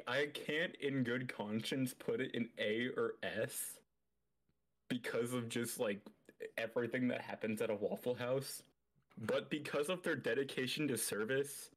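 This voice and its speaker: A man co-hosting a casual chat, easygoing and agreeable, hesitating with fillers as he gives his opinions. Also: mid-range voice. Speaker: co-host.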